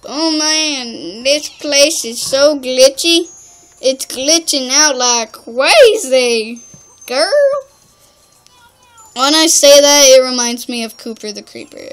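A young woman giving chatty, rambling let's-play commentary, full of "like". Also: high voice. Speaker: gamer.

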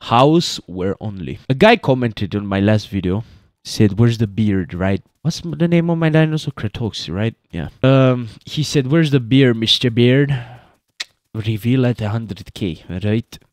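A man's voice: mid-range voice, expressive, measured pace, no echo, studio quality. Joking man rambling over gameplay. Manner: joking, rambling, talks to viewers as boys. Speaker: gaming YouTuber. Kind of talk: casual gameplay commentary.

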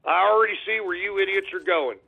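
A Texan man hosting a call-in internet radio show, ranting abrasively, cursing and yelling at trolls. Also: sits high, fast, gravelly, husky. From Texas. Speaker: radio talk show host. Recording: tinny phone-like internet radio audio.

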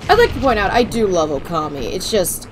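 A woman's voice: medium pitch, sing-song, quick pace, slight background noise. A woman streaming a video game, chatting casually and bluntly, her mic set off to one side. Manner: loud, blunt, joking. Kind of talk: casual gameplay stream chat. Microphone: desk mic off to the side.

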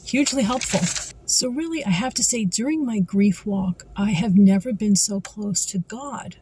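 Earnest woman, husky mellow voice. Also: medium pitch, rough recording. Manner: earnest, slows down for scripture. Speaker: Christian vlogger. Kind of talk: devotional talk with scripture reading.

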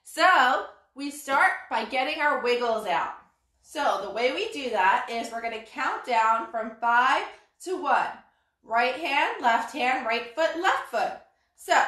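A woman with a high, bright voice leads a parent-and-toddler yoga class. She talks slowly and cheerfully, with sing-song cues. The sound is roomy, as if the mic sits some distance away. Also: lively intonation. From Brooklyn. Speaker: yoga instructor. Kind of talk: live-streamed kids' yoga class.

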